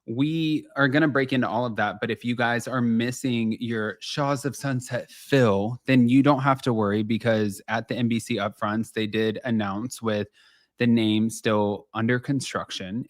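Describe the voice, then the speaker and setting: A man hosting a casual celebrity gossip show, chatty and animated, talking straight to his viewers in a slightly nasal voice. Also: fairly low pitch, no echo, studio quality. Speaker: host.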